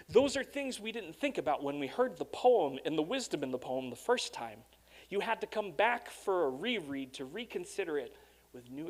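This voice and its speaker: A young adult man preaching as a guest speaker in a church, reading rhyming verse with expression and then telling stories in a lively, casual way. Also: fairly high pitch, gravelly. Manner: animated storytelling, reads rhyming verse expressively. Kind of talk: sermon.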